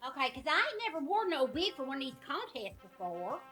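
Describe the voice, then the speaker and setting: A woman's voice: high voice, big pitch swings, a little fast, sharp tone, soft background music, heavily acted. A woman playing a brash, dramatic woman in a lookalike contest. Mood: nervous. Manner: feisty, dramatic, catty. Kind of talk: comedy sketch acting.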